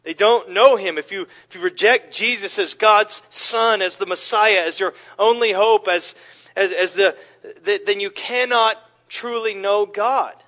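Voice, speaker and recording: A man preaching an expository sermon, animated and emphatic, often restarting his sentences. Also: sits high, a little slow. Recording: dull, lo-fi recording.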